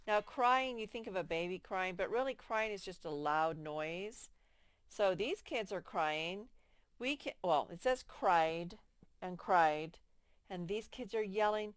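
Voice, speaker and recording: A woman teaching young children to read, slowly stretching out each word with patient, clear explanations. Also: medium pitch, dry recording. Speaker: first-grade teacher. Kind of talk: slow, patient phonics lesson to young children.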